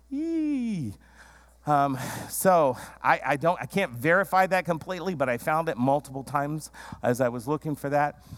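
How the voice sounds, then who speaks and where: Conversational male preacher with filler ums. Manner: conversational preacher, drops low and slow to demonstrate calm tone; frequent "um" fillers, acts out quoted voices. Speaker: pastor. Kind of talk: sermon.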